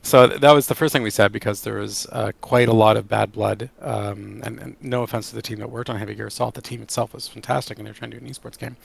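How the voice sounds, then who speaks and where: Gravelly low-voiced man, enthusiastic. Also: quick pace, hardly any pauses. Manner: enthusiastic and animated. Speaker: game creative director. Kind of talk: casual interview answers.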